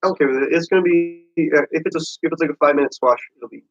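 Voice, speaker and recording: A man with a fairly high voice chatting fast and eagerly about wrestling, often cutting in to add his take. He co-hosts a casual podcast. The sound is muffled and lo-fi. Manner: excitable, gushing, interjects often. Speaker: podcast co-host. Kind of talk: casual wrestling recap chat. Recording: muffled lo-fi recording.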